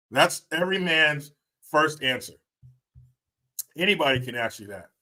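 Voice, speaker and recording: A man's voice: on the high side, lively intonation, moderate pace, pushed and bright. A middle-aged man hosting a live stream, chatting casually with viewers, often laughing, joking and swearing. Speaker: livestream host.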